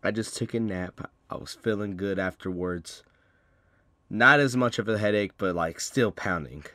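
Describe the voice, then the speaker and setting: A young man telling a rambling storytime vlog, swearing freely and getting loud and heated as he retells an argument. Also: lowish voice, normal speed, no echo, clean studio sound. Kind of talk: casual storytime monologue.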